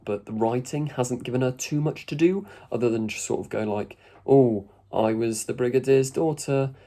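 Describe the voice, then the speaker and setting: A man's voice: mid-range voice, dark tone. A man giving a chatty, rambling video review with casual asides. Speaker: YouTube reviewer.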